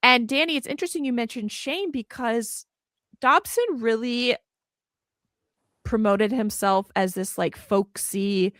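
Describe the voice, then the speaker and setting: A woman's voice: fairly high pitch, unhurried, fairly bright tone, no echo. Impassioned woman guest, dry close sound. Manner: impassioned, emphatic and indignant. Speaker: guest author. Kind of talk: podcast conversation.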